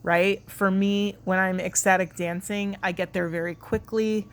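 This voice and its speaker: A woman's voice: mid-range voice, fairly even intonation, measured pace. A woman giving a spiritual card reading to viewers, talking in an earnest, rambling and emotional way. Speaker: tarot card reader.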